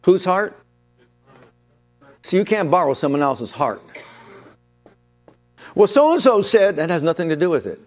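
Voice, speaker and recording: A man preaching a sermon, reading scripture slowly and solemnly, then speeding up to press his points with urgency. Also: a little high, animated, soft background music. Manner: emphatic, swings between slow solemn reading and fast urgent preaching.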